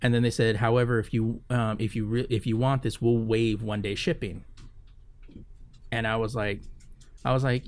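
A man's voice: fairly low pitch, flat delivery, normal speed. A man co-hosting a podcast, telling a long story in a casual, rambling way with lots of fillers and swearing. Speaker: podcast co-host. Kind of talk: casual chat.

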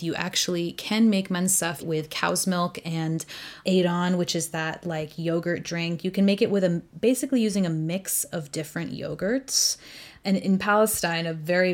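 A woman with a somewhat low voice talks casually as a guest. She describes food in an animated way and laughs often. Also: moderate pace. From United States. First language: Arabic. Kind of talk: casual chat.

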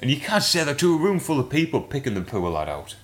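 A man, telling a long rambling story in casual podcast chat and getting animated as he goes. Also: medium pitch, quick pace.

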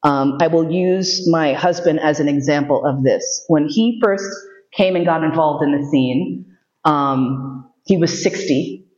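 A woman's voice: deep voice, measured pace, a little mellow. A woman giving a casual lecture and taking questions, joking often and swearing freely. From United States. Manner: joking, profane, frequent laughs. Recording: echoey room, dull lo-fi sound.

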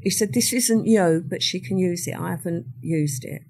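A woman's voice: fairly low pitch, normal speed, gravelly, a little mellow, slight background noise. An older woman, recounting a true crime story as an interview guest and acting out the quoted voices.

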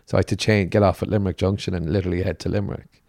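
A man's voice: deep voice, little pitch movement, racing, vocal fry, a little mellow, no room sound, studio quality. A middle-aged man, a comedian guest telling stories in casual podcast chat and acting out the people he quotes. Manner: vivid storyteller, acts out the people he quotes.

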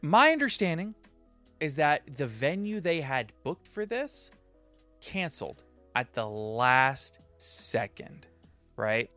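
A man's voice: fairly high pitch, big pitch swings, slow pace, bright, forceful tone, faint music behind. A man co-hosting a card game podcast, talking in a casual chat and ranting with exasperated emphasis. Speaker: podcast co-host.

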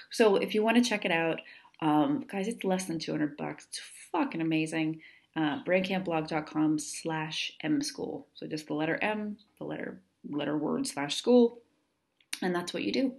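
A woman's voice: lowish voice, darkish tone. A woman hosting her own podcast in a casual monologue, candid and earnest, swearing freely as she chats. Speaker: podcast host.

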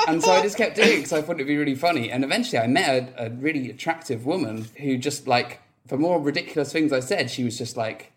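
A man's voice: medium pitch, quick pace. Pub-podcast guest, man, laughing storyteller, loose and rambling. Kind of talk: casual chat, storytelling.

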